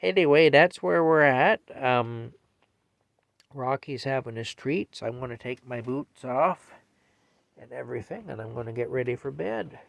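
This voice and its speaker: An older man chatting casually in a bedtime vlog from his camper, rambling and repeating himself and talking softly to his cat. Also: mid-range voice, animated, a little slow, vocal fry, dry recording. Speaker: vlogger. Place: small camper in a field, at night.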